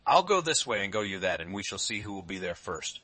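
A man voicing a cunning, hungry wolf in a storybook, speaking slowly and slyly. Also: fairly low pitch, big pitch swings, sharp tone, exaggerated voice.

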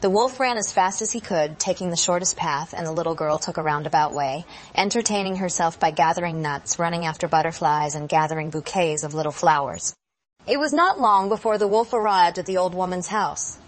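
A woman telling a fairy tale aloud in a measured, expressive way. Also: on the low side. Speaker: storyteller.

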